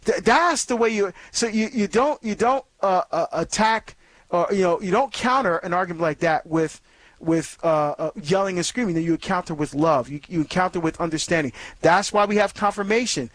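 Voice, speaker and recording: A man's voice: high voice, lively intonation, normal speed, fairly bright tone. A man hosting a Catholic call-in radio show, talking earnestly and conversationally with many fillers and restarts. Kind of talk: faith talk radio monologue.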